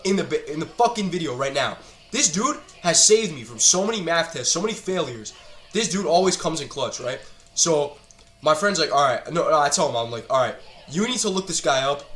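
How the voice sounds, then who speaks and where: A man's voice: on the high side, a bit bright, a little hiss or hum. Teen guy ranting while gaming, cussing a lot, kinda echoey room. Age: teens. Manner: exasperated, profane rant. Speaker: student gamer. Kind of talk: ranting while playing a video game.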